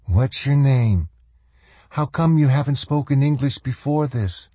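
A man's voice: mid-range voice, measured pace, dark tone, breathy edge, no room sound, pitched above the performer's own voice. A man reading a novel aloud, voicing a blunt, tough-talking woman in a raised voice. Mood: urgent.

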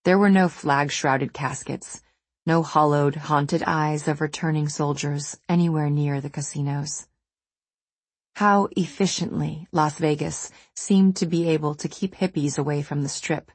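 A woman reading a novel aloud in measured, steady scripted narration. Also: low voice, dry recording. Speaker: audiobook narrator.

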